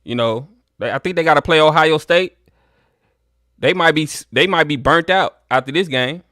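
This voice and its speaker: Host stream sportowego, mężczyzna z akcentem z południa USA, luźny, gładki głos, suche nagranie. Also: male voice, on the high side, normal speed, no echo, clean studio sound. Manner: relaxed, talks to viewers as y'all. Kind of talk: casual sports chat.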